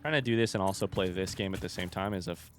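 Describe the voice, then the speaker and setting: A young man from the United States chatting casually while playing a game on a livestream, thinking out loud in a rambling, distracted, self-deprecating way. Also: sits low, quick pace, slight background noise. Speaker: streamer.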